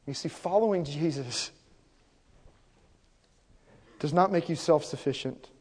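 High-voiced man preaching, hall echo. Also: unhurried, husky. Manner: impassioned, swings from hushed to loud. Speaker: pastor. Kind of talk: sermon. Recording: long hall reverb.

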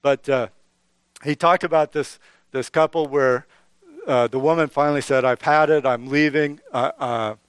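A man's voice: medium pitch, steady tone, normal speed, clear, resonant tone, no room sound. A middle-aged man preaching a sermon as pastor, earnest and conversational, often restarting and building emphasis.

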